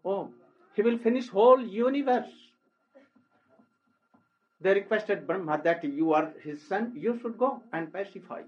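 A man tells a sacred story at a slow, unhurried pace, his voice sitting high for a man. He delivers the sermon in halting phrases and often breaks in with an exclamatory "oh". The recording is dull and lo-fi. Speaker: spiritual teacher.

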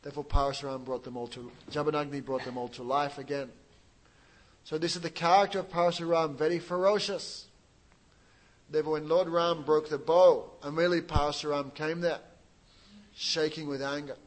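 A man with a somewhat high voice preaches by retelling a sacred story. He keeps it lively, breaks off to question his listeners, and drops in wry asides. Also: a little fast, rough recording. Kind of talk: sermon with retold scripture story.

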